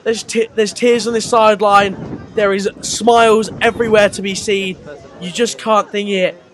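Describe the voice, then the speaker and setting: A man commentating on a university football game, excited and repeating himself. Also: high voice, normal speed, slight background noise. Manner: excited, repetitive. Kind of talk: sports commentary.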